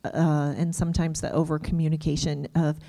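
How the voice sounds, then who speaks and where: Woman with a low, dark, mellow voice, thoughtful and hesitant in a casual discussion. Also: little pitch movement, a little fast, gravelly.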